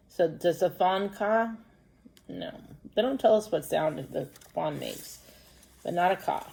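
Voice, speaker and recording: A woman's voice: on the low side, measured pace, creaky, warm tone. A woman teaching a first grade lesson by video, patiently explaining reading and math step by step for young children. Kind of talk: recorded distance-learning lesson.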